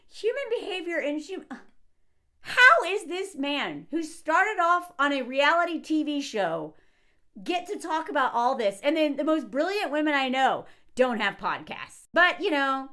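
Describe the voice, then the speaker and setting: A woman in her thirties giving an animated, sarcastic commentary rant as a video host. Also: sits high.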